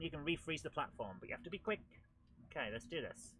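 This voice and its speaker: A man hosting a retro gaming show, giving chatty, excitable commentary while he plays. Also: fairly high pitch, fast, slightly rough, no room sound, rough recording. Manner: chatty and excitable, with frequent laughs and exclamations. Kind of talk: live gameplay commentary.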